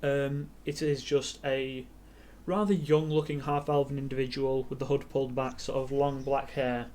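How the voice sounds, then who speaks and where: A man's voice: mid-range voice, little pitch movement, moderate pace, a little mellow. A man running a tabletop game on stream as game master, narrating loosely and hesitantly with many fillers. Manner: loose, hesitant narration full of ums and "sort of".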